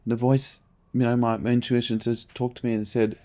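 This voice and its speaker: An Australian man in middle age, appearing as a podcast guest, candidly tells a personal story, animated and emphatic and swearing freely. His voice sits in the mid-range and moves briskly.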